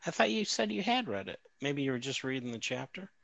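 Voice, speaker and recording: A man's voice: mid-range voice, very animated, a little fast, vocal fry, crowd noise. A man co-hosting a podcast, telling a story in a rambling, amused way with many restarts. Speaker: podcast co-host. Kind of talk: casual chat.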